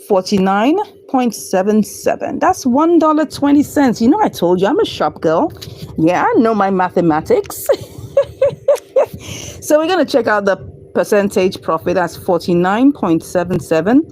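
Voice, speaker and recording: A woman hosting a trading channel, talking viewers through her numbers step by step and getting excited at her gains. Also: on the high side, rough recording. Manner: excitable, cheers and laughs at wins. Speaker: crypto trading channel host. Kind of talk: screen-recorded trading walkthrough.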